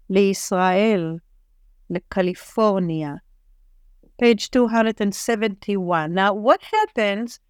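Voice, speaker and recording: A woman gives a patient reading lesson, working through word lists one at a time and explaining how sounds join. She speaks very slowly, in a smooth, clear voice. The sound is dry and close. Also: mid-range voice, a little mellow, no room sound. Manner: patient, reads word lists aloud with pauses. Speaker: Hebrew reading teacher. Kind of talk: slow, careful reading lesson.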